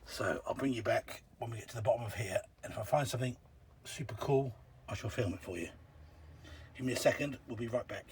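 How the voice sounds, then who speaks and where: A man with a mid-range voice talks fairly quickly, chatting casually while he digs out an old shelter in an outdoor pit and films himself on a handheld camera. Bending leaves him out of breath, so his vlog commentary drifts into muttered asides and trails off. The audio carries a little hiss or hum.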